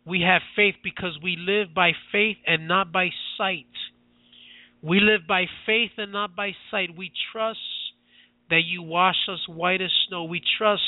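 Impassioned high-voiced male preacher, phone-like sound. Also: dry recording. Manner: repetitive, impassioned declarations. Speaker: radio preacher. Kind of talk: fervent prayer and preaching. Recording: tinny phone-like line.

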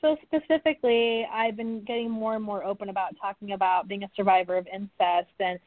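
A woman author, a guest on a podcast, is interviewed by phone and talks through a personal story in an earnest, open, warm-hearted way. Her medium-pitched voice is brisk with fairly even intonation. The thin, tinny line sounds dry and close.

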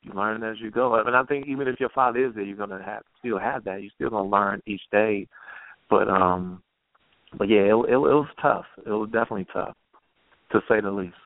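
A man with a gravelly, low voice tells a personal story. He speaks earnestly and haltingly and restarts his sentences often. The sound is dry and tinny, as if heard over a phone line. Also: dry recording. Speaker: guest poet.

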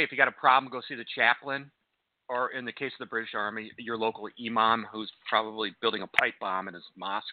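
A man hosting a talk radio show, giving opinionated, sarcastic commentary that often slips into a mocking high voice. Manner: sarcastic, scoffing, mocks in a high voice. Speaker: radio host. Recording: dry, tinny phone-like sound.

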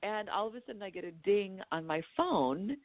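A woman from California, a dream therapist telling a personal story as a podcast guest, animated and acting out what people said. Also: mid-range voice, moderate pace, no echo. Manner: animated storyteller who acts out her own quotes. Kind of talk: storytelling in a conversational interview. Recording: tinny phone-like line, dry.

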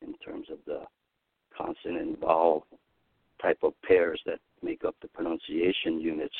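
A man giving a live Dharma talk as a minister, animated, laughing at himself as he explains. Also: moderate pace, creaky, husky, dry recording. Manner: animated, swings pitch widely and laughs at himself. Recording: tinny phone-like band, dry.

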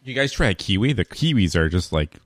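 A man's voice: lowish voice, sing-song, brisk, no echo. A man co-hosting a podcast, chatting casually and sounding amazed by the strange flavors he tries. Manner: amazed, exclamatory, laughing. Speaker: podcast co-host. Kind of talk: casual chat while taste-testing food.

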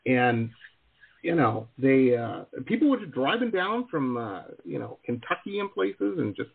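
A man hosting an interview show, chatting casually and reacting with quick agreement. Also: mid-range voice, very animated, vocal fry. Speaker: show host. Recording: tinny phone-line sound.

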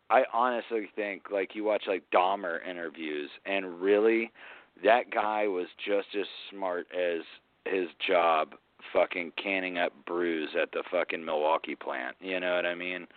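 A very deep-voiced man co-hosts a podcast in crude, rambling casual talk and laughs often. His voice sounds thin and phone-like. It is dry, with no room sound. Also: fairly even intonation, measured pace, dry recording. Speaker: podcast co-host.

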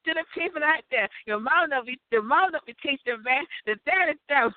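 A high-voiced woman rants in a loud, rambling comic monologue, swearing freely and breaking into laughter. The sound is thin and phone-like, close and dry with no room around it. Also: expressive, a little fast, no room sound. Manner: loud, profane, laughing often. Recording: tinny phone-like audio, dry.

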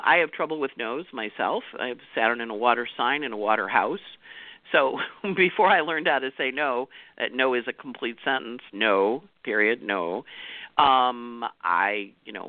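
A woman's voice: very deep voice, no echo, phone-quality sound. A woman astrologer giving a chatty weekly forecast. She laughs often and acts out the voices she quotes.

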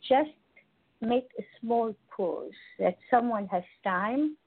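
A woman who hosts a radio show as a holistic coach, speaking deliberately with pauses and asking rhetorical questions. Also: on the high side, animated, breathy edge. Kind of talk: radio talk show monologue. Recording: tinny phone-line sound.

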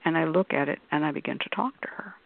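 On a call-in radio show, a female panelist with a low-pitched voice and vocal fry talks quickly, explaining at length in a conversational way. She acts out quoted voices in her examples, and the line sounds dry and tinny, like a phone.

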